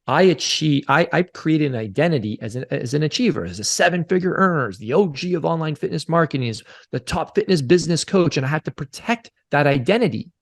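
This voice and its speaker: This fortysomething podcast guest talks fast and animated in a fairly high voice, barely pausing. He recounts a personal story in an earnest, confessional interview style, circling back to the same phrases again and again.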